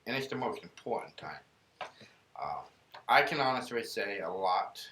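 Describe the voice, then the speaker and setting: Earnest podcast host, male, bright and forceful, roomy echo. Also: lowish voice, animated, unhurried. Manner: earnest, rambling storyteller. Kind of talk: casual faith podcast talk, storytelling.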